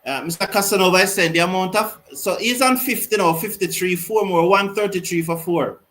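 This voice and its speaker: Male host, high voice, excitable live cricket commentary and comment reading. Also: a little fast, rough recording. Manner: excitable, reads viewer comments aloud. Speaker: host of a cricket watch-along.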